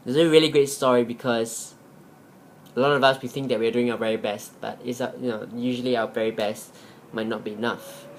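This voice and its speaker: A man's voice: medium pitch, fairly even intonation, brisk, slight background noise. A man vlogging as he retells a motivational story, rambling and leaning on many fillers.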